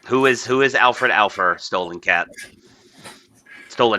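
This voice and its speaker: A man's voice: on the low side, a little slow, sharp tone, no room sound. A man hosting a casual podcast, rambling and profane, packing his talk with "like" and laughing often. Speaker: podcast host. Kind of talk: casual opinionated podcast chat.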